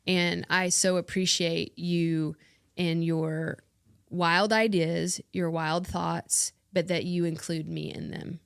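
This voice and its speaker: A woman's voice: lowish voice, fairly even intonation, slow pace, creaky, clean tone, dry recording, clean studio sound. Earnest, affirming woman podcast co-host. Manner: earnest, affirming, laughs often. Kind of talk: casual chat among friends.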